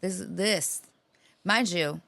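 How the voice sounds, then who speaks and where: Podcast co-host, female, deep fry-heavy voice, cursing and rambling. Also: very slow, a bit bright, no room sound. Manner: profane, rambling storyteller. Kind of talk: casual chat.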